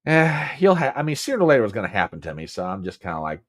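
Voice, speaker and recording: A man's voice: mid-range voice, very animated, racing. A Southern American man hosting a casual political commentary livestream, chatty and emphatic, repeating phrases and answering viewers by name. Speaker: host.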